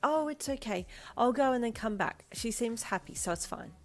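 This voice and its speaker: A woman voicing an easygoing young mother in a light, relaxed way. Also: fairly high pitch, moderate pace, gravelly, soft background music, voice pushed up. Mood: breezy.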